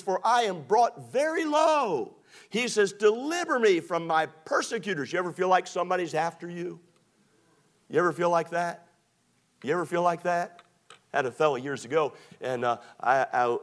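Preacher, man, folksy and funny, slightly high voice, acts out both sides of a conversation. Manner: folksy, humorous, acts out dialogue. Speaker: pastor. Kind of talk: storytelling sermon.

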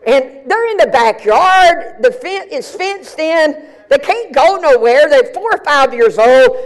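High-voiced man telling a sermon story. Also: slow. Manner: animated, colloquial, repeats and restarts words. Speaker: pastor.

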